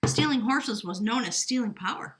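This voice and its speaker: A woman's voice: on the high side, lively intonation, normal speed, noisy background. A middle-aged woman giving a casual, emotional tarot reading to a camera at home. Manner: warm, effusive, emotional, chatty. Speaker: tarot reader. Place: home room with a small table. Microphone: camera at a short distance.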